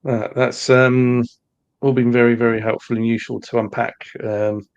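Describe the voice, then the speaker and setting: A man hosting a podcast, winding up with a measured, filler-laced delivery. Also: medium pitch, little pitch movement, smooth. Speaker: podcast host. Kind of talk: casual podcast chat. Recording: dull lo-fi audio.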